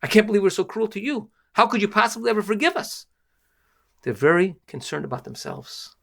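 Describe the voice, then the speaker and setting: Gravelly man giving an earnest Torah lesson. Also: a little high. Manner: earnest, emphatic, lively storytelling. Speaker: rabbi.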